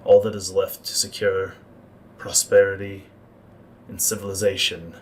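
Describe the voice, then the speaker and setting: A man voicing a scheming male court Maester who speaks in a grave, measured, ominous way. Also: sits low, flat delivery, recorded from a distance, low-quality recording. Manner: measured, ominous, deliberate pauses.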